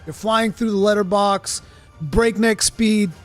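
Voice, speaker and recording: A man hosts a live gaming stream, chatting casually and answering viewers in an excitable, rambling manner. His voice sits a bit higher than most men's, and faint music plays underneath. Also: slow pace. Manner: animated, excitable, rambling with restarts. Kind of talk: casual gaming talk, reading chat.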